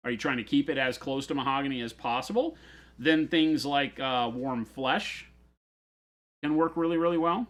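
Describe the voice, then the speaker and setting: A man's voice: medium pitch, normal speed, a bit bright. A man hosting a casual miniature-painting livestream, joking and self-mocking with his co-hosts. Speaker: host. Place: hobby shop studio.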